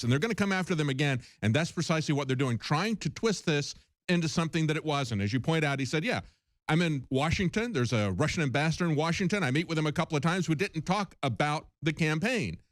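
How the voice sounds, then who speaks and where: Slightly high-voiced male radio guest. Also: dry recording. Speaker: show guest. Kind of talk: talk radio discussion.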